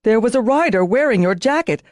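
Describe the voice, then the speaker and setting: A confused bronze dragonrider man, voiced by a woman reader stumbles through his words, halting and bewildered. The reading is close and dry, like a storybook. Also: on the high side, animated, a little mellow, no echo, natural voice.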